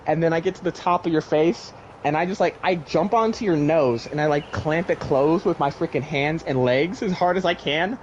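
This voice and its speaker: Give me an animated young man telling a story, a bit high, with dull lo-fi sound and faint hiss. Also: moderate pace. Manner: animated storyteller, acts out voices, swears casually. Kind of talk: casual chat, retelling a dream.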